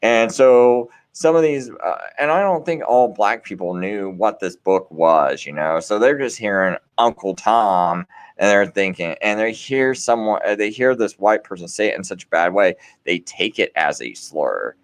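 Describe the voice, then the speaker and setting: A man's voice: fairly low pitch, animated, normal speed. A man hosting a late-night show, talking in a casual, rambling monologue full of restarts and "you know"s, with an earnest, preachy bent.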